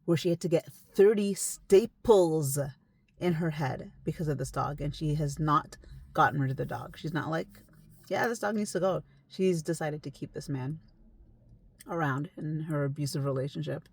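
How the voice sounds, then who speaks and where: Low-voiced woman telling a story. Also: fairly even intonation, normal speed, creaky, breathy edge. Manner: conversational, emphatic, sometimes hushed. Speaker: esthetician telling a client's story. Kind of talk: casual storytime.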